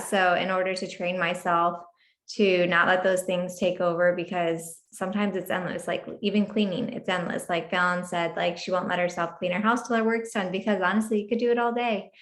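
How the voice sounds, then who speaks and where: A woman with a somewhat low voice talks in a book club discussion over a video call, rambling with many fillers. The sound carries a roomy echo. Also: a bit bright. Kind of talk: casual group discussion.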